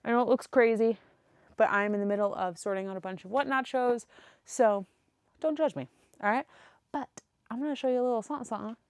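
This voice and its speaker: A woman's voice: fairly high pitch, fast talker, pauses often, clean tone. A young woman talking casually to camera from her home office, a bit out of breath, acting out her own inner voice. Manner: chatty, acts out her own inner voice with upswings. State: a little out of breath. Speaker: reselling business vlogger. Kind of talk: casual vlog to camera with a whiteboard. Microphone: clip-on wireless mic.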